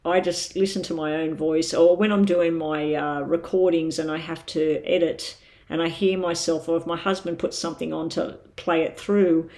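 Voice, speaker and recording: A woman's voice: sits low, little pitch movement, moderate pace, a little mellow. A woman in her fifties with an Irish accent tinged British, chatting in a rambling way with many ums as she gives tarot readings on a live stream. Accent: Irish with a slight British tinge. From Ireland. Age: 50s. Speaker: tarot reader.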